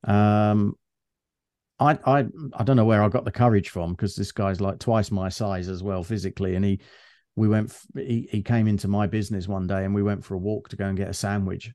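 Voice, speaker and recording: Middle-aged man, co-host, chatty storyteller, dark mellow tone, dry close sound. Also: on the low side, fairly quick, no echo. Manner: chatty, animated anecdotes with restarts. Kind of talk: casual conversational storytelling.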